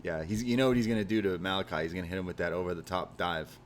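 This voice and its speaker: A man's voice: low-pitched, very fast, a little hiss or hum. A man co-hosting a podcast, chatting casually and animatedly, often laughing and retelling scenes. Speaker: podcast co-host. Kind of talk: casual chat.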